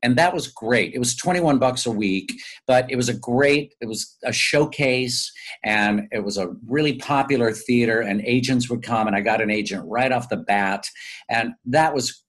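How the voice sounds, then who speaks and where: A man, a stage actor guest, telling chatty, animated anecdotes in a casual interview. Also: mid-range voice, normal speed.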